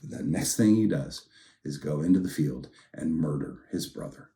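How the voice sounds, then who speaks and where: Guy pastor giving a sermon, chatty, acts out the quotes, warm mellow voice. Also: extremely low pitch, expressive, moderate pace, vocal fry. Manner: conversational storytelling, acts out quotes in different tones.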